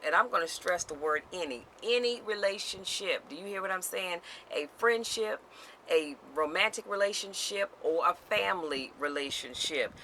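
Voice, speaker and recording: Woman vlogger, bright tone, sassy and emphatic, repeats key lines to camera. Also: on the low side, slight background noise, rough recording. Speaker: motivational vlogger. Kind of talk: direct-to-camera motivational talk.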